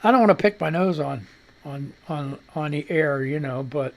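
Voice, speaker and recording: Gravelly, congested man rambling on air. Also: a little high, moderate pace. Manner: rambling, profane, laid-back. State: congested and wheezing with a cough. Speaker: radio show host. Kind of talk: casual live radio talk.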